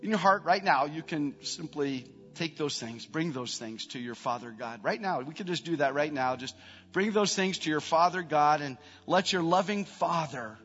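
A middle-aged man, a pastor, preaching a sermon, building to emphatic peaks and then dropping into soft prayer. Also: on the high side, lively intonation, normal speed. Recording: long reverb, dull band, faint music.

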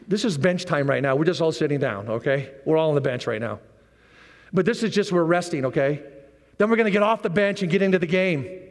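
A man preaching a sermon as pastor, animated, with repeated rallying phrases and joking asides. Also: on the high side. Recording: long reverb of a large hall.

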